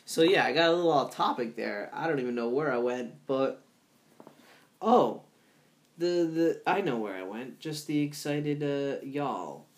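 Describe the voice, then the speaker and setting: A man's voice: mid-range voice, expressive, a little slow. A man hosting a podcast solo, chatting in a rambling, loose way full of fillers and restarts, laughing at his own remarks. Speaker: podcast host. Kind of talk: casual solo podcast talk.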